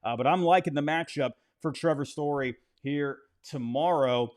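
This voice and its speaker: A man giving a loose, chatty baseball game recap and betting pitch, with frequent fillers and restarts. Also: moderate pace.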